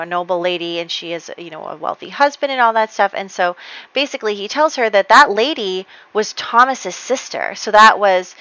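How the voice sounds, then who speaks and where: Bright-voiced woman narrating her game. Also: mid-range voice, smooth, no room sound, low-quality recording. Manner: rambling storyteller with many fillers. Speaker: let's play host.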